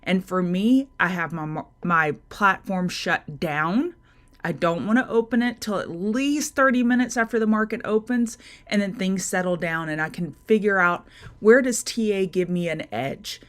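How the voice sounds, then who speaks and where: A woman's voice: medium pitch, moderate pace, a bit bright. A woman hosting a live market-prep stream, talking through charts and greeting viewers by name in a chatty way. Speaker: trading show host.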